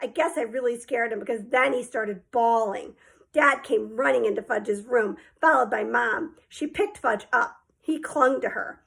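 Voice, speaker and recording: Woman reading a kids' book aloud, high voice with some gravel, lively storytelling. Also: unhurried. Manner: lively first-person storytelling. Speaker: audiobook reader. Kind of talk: storybook narration.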